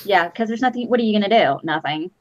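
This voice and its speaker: A woman's voice: mid-range voice, animated, fast talker, over a noisy crowd. A woman hosting a casual fan show chat, blunt, profane and sarcastic. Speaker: host. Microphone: streaming mic. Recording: lo-fi online stream audio.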